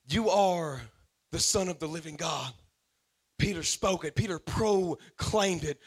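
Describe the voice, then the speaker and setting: A man's voice: high-pitched, fairly bright tone. A man preaching a sermon as pastor, building to fervent, repeated declarations and calling on his listeners. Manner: preaching with rising fervor and repetition; addresses listeners as "man", calls for responses.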